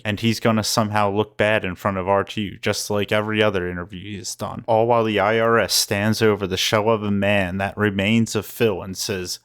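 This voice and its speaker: A man's voice: fairly low pitch, a bit bright. A man reading scripted voice-over commentary in a dry, sarcastic way. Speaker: commentary channel host.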